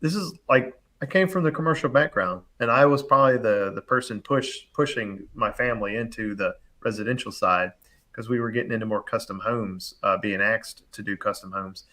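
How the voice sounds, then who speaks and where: Young man, HVAC contractor, animated storyteller who acts out quoted voices, easy casual delivery. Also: on the low side, moderate pace. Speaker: HVAC contractor, show regular. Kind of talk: casual storytelling on a live panel show.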